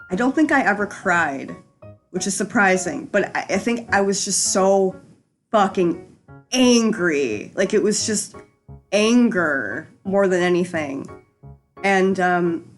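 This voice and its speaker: A young adult woman hosting a casual storytime chat, rambling and frank, with lots of fillers and easy swearing. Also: medium pitch. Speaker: storyteller host.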